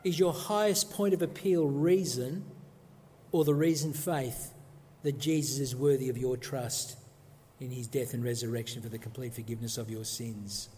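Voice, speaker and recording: A man preaching a sermon emphatically, posing rhetorical questions and dropping low for solemn points, recorded in a church. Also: fairly even intonation, moderate pace, dark tone. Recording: long echoey hall reverb.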